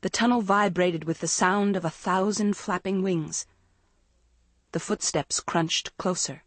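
A woman narrating an audiobook in a slow, measured suspense reading. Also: mid-range voice, dry recording. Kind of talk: scripted narration.

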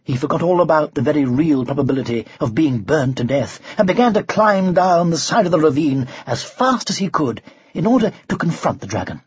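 A narrator reading a storybook aloud in an expressive way with varied pacing. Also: mid-range voice, a little fast, breathy edge, no echo. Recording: dull lo-fi recording.

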